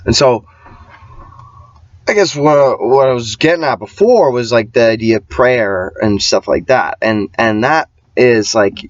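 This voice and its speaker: In a dry, dull, lo-fi recording, a man with a mid-range voice vlogs a rambling, profane rant, pressing his points hard and restarting often. He frequently puts on the voices of other people.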